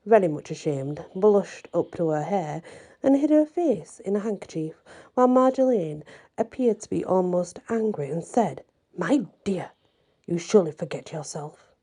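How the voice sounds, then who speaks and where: A woman reading a fairy tale aloud in a measured, expressive way. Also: medium pitch. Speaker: storyteller.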